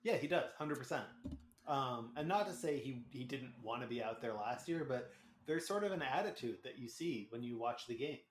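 A man's voice: medium pitch, lively intonation, moderate pace, slight background noise. A man co-hosting a casual sports podcast, talking in a wry, joking way. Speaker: podcast co-host. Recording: roomy echo.

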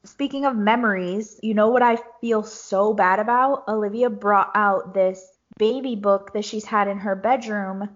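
A chatty woman talks through a casual podcast chat and laughs easily. Her voice is mid-pitched, and the recording sounds dull and a bit lo-fi. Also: normal speed, few pauses. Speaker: podcast co-host.

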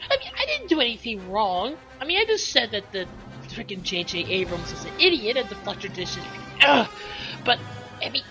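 A woman's voice: fairly high pitch, sing-song, moderate pace, sharp tone, low-quality recording. A woman in a comedic sci-fi radio promo, playing a frantic, exasperated pilot on the run. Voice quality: frantic, exasperated, shrieking outbursts. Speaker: podcast promo voice. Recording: music bed behind.

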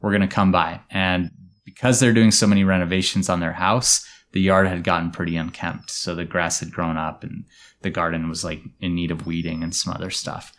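A man hosting a podcast, telling a story to his co-hosts in a relaxed, explanatory way that often drops to quiet asides. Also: low-pitched, fairly quick, slight background noise. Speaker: storyteller host.

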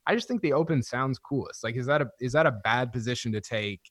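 A man's voice: medium pitch, fast talker, no room sound. A man in a mid-range voice hosts a casual golf podcast. He rambles and circles his points with filler words. The recording is dry and close. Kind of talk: casual panel chat.

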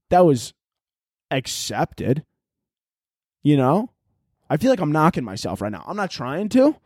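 A man talking through his solo podcast in loose, rambling chat, swearing freely and poking fun at himself. His voice sits in a middle register, and the recording is dry and close with no room sound. He breaks into loud, exaggerated voices when he acts out little scenes. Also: medium pitch, dry recording. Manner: profane, rambling and self-mocking. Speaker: podcast host.

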